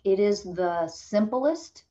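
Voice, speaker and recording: A woman's voice: medium pitch, animated, slow pace, warm tone, muffled recording. A woman coach speaking as a podcast guest, emphatic and motivational, growing impassioned as she makes her points. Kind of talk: podcast interview.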